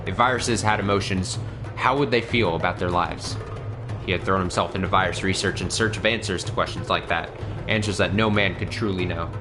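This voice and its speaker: A man's voice: low-pitched, brisk, over music. A man hosting a let's play, rambling casually and reading the game's story text aloud. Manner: rambling, self-deprecating, swears casually.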